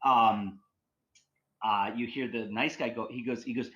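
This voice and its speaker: Speaking at a normal speed in a voice on the low side, a man from Canada swaps casual stories as a podcast guest. He's excitable and meandering, full of filler words, and the audio has its highs cut off.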